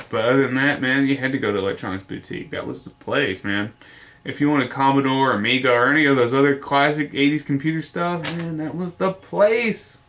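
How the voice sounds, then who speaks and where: A man's voice: medium pitch, fairly bright tone, slight background noise. A man talking casually in a video response, rambling with lots of fillers and the occasional swear word. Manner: rambling, nostalgic, with frequent fillers and mild swearing. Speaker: vlogger.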